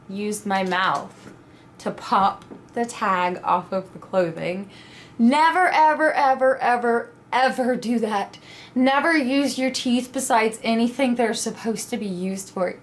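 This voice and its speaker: A young adult woman recounting a mishap in a casual vlog, voice sitting mid-range. She tells it dramatically, slipping into quoted reactions. A faint hiss of ambient noise sits under her voice. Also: medium pitch. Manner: animated, dramatic retelling with quoted asides. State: pregnant (at the time told). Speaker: vlogger. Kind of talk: casual storytelling.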